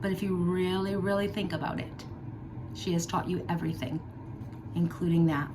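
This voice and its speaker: A woman's voice: on the low side, fairly even intonation, moderate pace, background noise. A middle-aged woman talking earnestly and from the heart to her viewers in a personal vlog, with emphatic repeats and casual fillers. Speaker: vlogger. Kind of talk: personal talk to camera.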